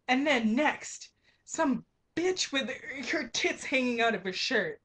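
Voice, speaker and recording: A woman's voice: sits high, expressive, slow pace, fairly bright tone, breathy edge. Young woman ranting in exasperation. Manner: exasperated, profane, emphatic ranting. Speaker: grocery clerk. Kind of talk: ranting vlog monologue.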